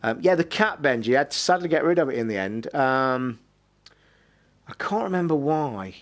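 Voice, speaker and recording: With a mid-range voice at normal speed, a UK streamer and podcast host recounts a meandering story live. He's animated and casual, and the swearing never lets up.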